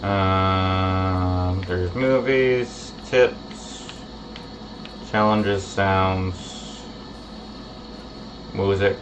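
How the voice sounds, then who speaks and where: A man streaming a game, chatting casually and drifting into low mumbled asides. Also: steady tone, extremely slow, long pauses, over music. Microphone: home streaming microphone. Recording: muffled lo-fi stream mic with faint hiss.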